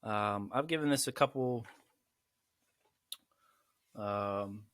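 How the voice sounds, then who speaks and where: A man's voice: lowish voice, slow, a bit bright, slight background noise. A man hosting his first casual solo podcast, chatty and self-deprecating, rambling as he goes. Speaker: podcast host.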